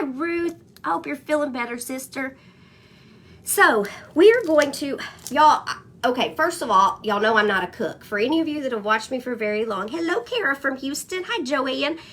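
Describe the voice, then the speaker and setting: A woman's voice: high voice, fairly bright tone. A woman hosting a casual craft livestream, chatting and greeting viewers by name between stories. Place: home.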